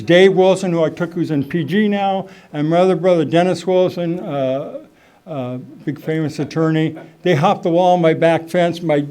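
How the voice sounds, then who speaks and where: A middle-aged man giving a rambling, animated personal testimony at a recovery meeting, full of fillers and asides. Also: a little high. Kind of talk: personal testimony, casual storytelling.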